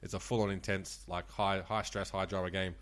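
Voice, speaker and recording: A young Australian man recounts casino stories at a rapid clip, laughing often and swearing freely. His voice sits a little low, and his talk tumbles out in quick, loose runs with restarts. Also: flat delivery, fairly bright tone. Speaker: former casino dealer, guest. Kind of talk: casual storytelling chat.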